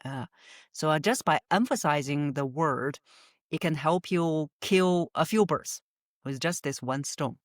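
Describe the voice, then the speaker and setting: A woman's voice: deep voice, unhurried, no room sound, studio quality. A woman voice coach answering podcast interview questions methodically, laying out her points by number with frequent "uh" fillers and easy laughter. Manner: laughs easily. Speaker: voice coach guest.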